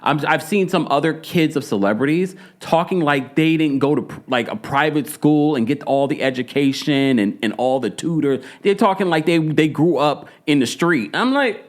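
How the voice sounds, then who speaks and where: A man's voice: fairly high pitch, expressive, moderate pace, hardly any pauses. A man hosting a casual, opinionated recap of a reality show, talking emphatically and mimicking the people he discusses.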